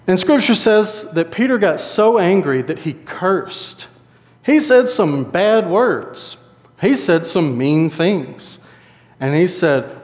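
A man preaching a sermon in a conversational, animated storytelling way. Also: fairly high pitch, measured pace. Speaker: pastor. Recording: long hall reverb.

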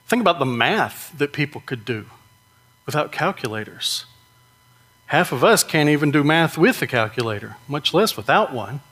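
A man preaching a sermon in a conversational way, often asking "right?" and slowing down to stress key points. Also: on the high side, sing-song, fairly bright tone. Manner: conversational, with frequent rhetorical "right?".

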